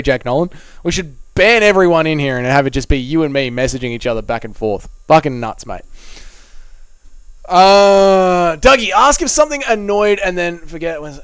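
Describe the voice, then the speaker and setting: A man's voice: fairly high pitch, fairly bright tone, clear, resonant tone, no room sound. A young Australian man reading out and answering chat messages on a live stream, swearing and bantering in a blokey way.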